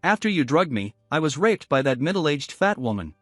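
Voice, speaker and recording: A scheming young man whines and pities himself in a lively, fairly high voice, read by a male storyteller. The sound is close and dry. Soft music plays behind him. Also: moderate pace, no room sound. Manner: whiny, self-pitying.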